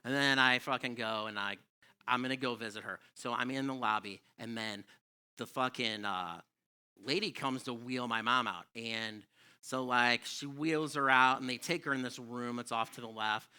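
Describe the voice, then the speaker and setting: Stand-up comic, male, sharp bright tone, swearing and exasperated in his stories. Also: mid-range voice, moderate pace, smooth. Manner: profane, animated, exasperated storytelling. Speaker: stand-up comedian. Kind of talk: stand-up comedy storytelling. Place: comedy club stage.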